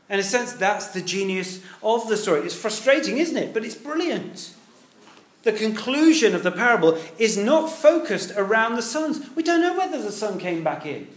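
Guy giving a sermon, acts out the voices, kinda high voice, echoey church hall. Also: slight background noise. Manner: animated, acts out quoted voices, asks the congregation questions. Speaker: preacher.

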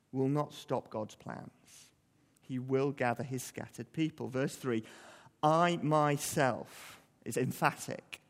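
A man's voice: medium pitch, creaky, darkish tone, big-room sound. A man preaching a sermon in a conversational, earnest way, often putting questions to the congregation.

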